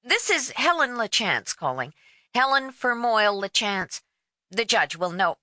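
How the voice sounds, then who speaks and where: A woman's voice: on the high side, very animated, unhurried, pushed and bright, no echo, clean studio sound, pitched above the performer's own voice, full character voice. A woman voicing a stern, harried middle-aged woman caller who grows breathless and desperate.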